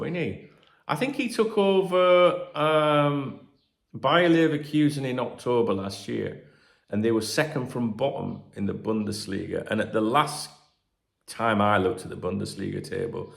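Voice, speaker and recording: A man's voice: mid-range voice, lively intonation, moderate pace, vocal fry. A middle-aged man hosting a football channel, reading transfer gossip in a casual, chatty way with cheeky jokes and the odd swear word. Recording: roomy echoey room.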